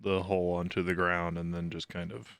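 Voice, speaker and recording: A man playing a tabletop role-playing game, talking in a relaxed, casual way. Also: low-pitched, brisk, creaky, clear, resonant tone. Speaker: player.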